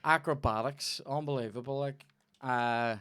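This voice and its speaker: Young Northern Irish podcast host, mid-pitched, animated sweary anecdotes, dry close mic. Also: male voice, a little slow, clear, resonant tone, no echo. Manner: swears a lot, tells animated stories. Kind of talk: casual chat.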